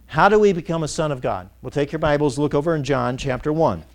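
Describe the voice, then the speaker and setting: A man's voice: on the high side, fast. A man preaching a sermon as pastor, asking his congregation to finish his sentences and telling folksy stories with chuckles. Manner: call-and-response questions to the congregation.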